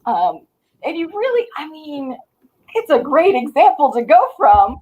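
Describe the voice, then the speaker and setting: High-voiced woman, keen and chatty. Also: very animated, measured pace, warm tone, low-quality recording. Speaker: convention panelist. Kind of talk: casual panel chat on a video call.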